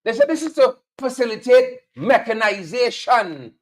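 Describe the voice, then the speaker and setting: Male host with a Guyanese accent, high and animated, sarcastic political commentary. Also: moderate pace. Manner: sarcastic, mocking, repeats lines for emphasis. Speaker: show host.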